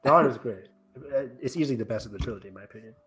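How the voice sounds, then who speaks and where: A man's voice: medium pitch, very fast, a crowd in the background. A young man co-hosting a podcast, joking and exclaiming as he reviews films. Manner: excitable, jokey, exclamatory. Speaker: podcast co-host. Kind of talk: casual movie review chat.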